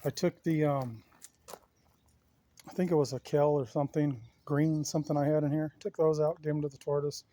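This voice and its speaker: A man's voice: fairly high pitch, steady tone, moderate pace, dark tone. A man chatting casually to his viewers while walking around his backyard, rambling and folksy. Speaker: yard vlogger. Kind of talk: casual walk-around chat. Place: outdoors in a backyard.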